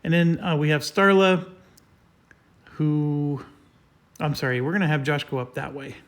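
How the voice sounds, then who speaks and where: Male host, casual board game playthrough; methodical, filler-heavy, mid-high pitch. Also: fairly even intonation, a little slow. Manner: explains moves step by step with many fillers.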